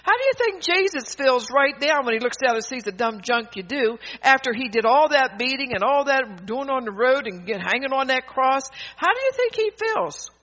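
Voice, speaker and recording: A woman's voice: high-pitched, very animated, moderate pace, hardly any pauses, fairly bright tone. A woman preacher giving a fervent, emphatic sermon, often laughing mid-sentence and restarting her sentences. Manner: rambling with frequent restarts. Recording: dull lo-fi recording.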